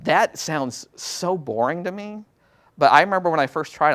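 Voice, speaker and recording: A man's voice: a little high, animated, a little fast, a bit bright. A man who teaches Latin, giving a casual workshop presentation to other teachers in a self-deprecating, chatty way. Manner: casual, self-deprecating, chatty with many fillers and quoted asides.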